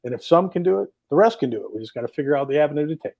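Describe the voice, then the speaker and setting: Over a video call, this man guests on a laid-back talk show interview, where he races through enthusiastic, meandering stories about his life as a drag racer. His slightly high, gravelly voice has lively intonation, and the audio's highs are cut off.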